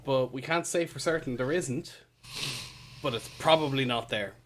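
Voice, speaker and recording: A man's voice: medium pitch, moderate pace, a bit bright, slight background noise. A man co-hosting a casual review podcast, chiming in with dry, jokey remarks. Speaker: co-host.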